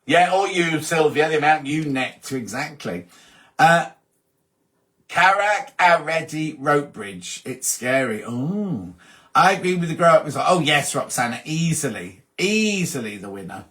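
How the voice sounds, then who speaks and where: A man's voice: a little high, expressive, a little slow. A man hosting a casual live-stream chat, reading out viewer comments and answering them one by one. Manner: chatty, reads out comments and answers them warmly. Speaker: host.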